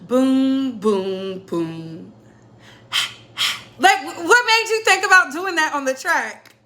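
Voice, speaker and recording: A woman's voice: very high voice, lively intonation, moderate pace, sharp tone. A young adult woman hosting a casual music chat, playful and laughing often. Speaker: host.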